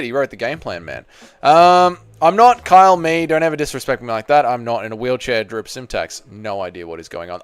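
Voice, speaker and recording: A man's voice: mid-range voice, clear, resonant tone, no echo. An Australian man hosting a live stream, reading viewer chat aloud and answering in crude, joking banter. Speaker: channel host.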